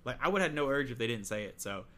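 A man's voice: medium pitch, animated, fast talker, a bit bright. Joking man recapping a game. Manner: joking, sarcastic, laughs often. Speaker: podcast co-host. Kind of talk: casual game recap chat.

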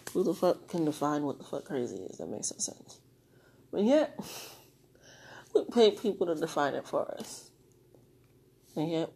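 Lively profane woman arguing with herself. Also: deep voice, slight background noise. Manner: profane, argues with herself in questions and answers. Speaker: podcaster. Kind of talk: rambling solo monologue talking to herself.

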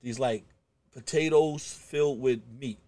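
Male podcast host, mid-range voice, animated storyteller, stammering restarts. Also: medium pitch, unhurried, dry recording. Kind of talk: casual podcast chat.

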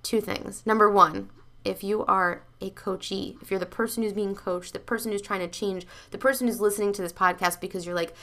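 A woman hosts a motivational podcast in a bright, forceful voice. She talks bluntly and emphatically, swears freely, and speaks straight to her listeners as a coach. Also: medium pitch, fairly even intonation, brisk.

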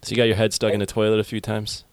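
A man's voice: fairly low pitch, completely flat delivery, racing, no room sound, clean studio sound. A man co-hosting a podcast in a laid-back, wry way, laughing along. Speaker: podcast co-host. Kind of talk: casual podcast chat.

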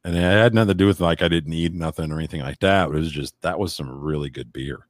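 A man's voice: sits low, fast talker, no room sound. A man in a casual podcast chat, telling rambling stories with crude jokes. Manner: rambling, crude joking storyteller.

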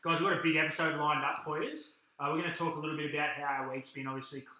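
A man's voice: on the high side, steady tone, racing, pushed and bright. A young Australian man co-hosting a podcast, upbeat and teasing, presenting segments from a living-room lounge on a shared mic. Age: young adult. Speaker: podcast co-host. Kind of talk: casual chat. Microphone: single shared mic. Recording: roomy echo.

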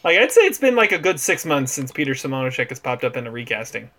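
A man's voice: medium pitch, big pitch swings, quick pace, sharp tone. A man co-hosting a casual movie podcast, laughing often and repeating himself as he talks. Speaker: podcast co-host.

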